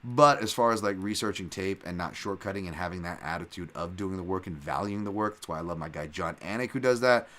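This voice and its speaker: A man's voice: low-pitched, fast, hardly any pauses, fairly bright tone. A man hosting a solo podcast, rambling in casual chat with lots of fillers and restarts and swearing freely. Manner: rambling, loose talk full of "like" and restarts. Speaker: podcast host and fight analyst.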